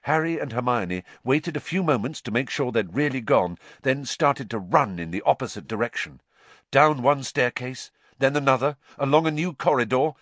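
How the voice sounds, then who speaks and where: A man reading an audiobook aloud, expressive and acting out each character. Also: medium pitch, moderate pace, no echo. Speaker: audiobook narrator.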